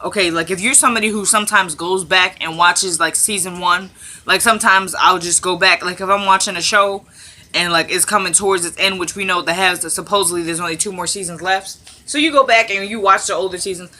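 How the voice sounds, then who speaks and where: Very bright-voiced woman recapping a show. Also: fairly low pitch, brisk. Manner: chatty, repeats herself for emphasis. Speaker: TV recap vlogger. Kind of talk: casual episode recap.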